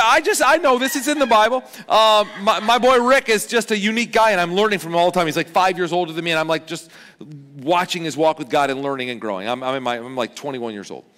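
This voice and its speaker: A man in his thirties preaching a sermon as pastor, chatty and joking, with lively swings in pitch and loudness. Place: large church auditorium. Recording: long hall reverb.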